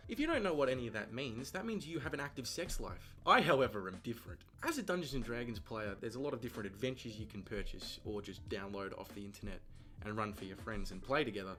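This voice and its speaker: A man's voice: medium pitch, a bit bright. A young man in his twenties presenting a comic vlog, full of self-deprecating jokes and crude asides. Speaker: vlogger.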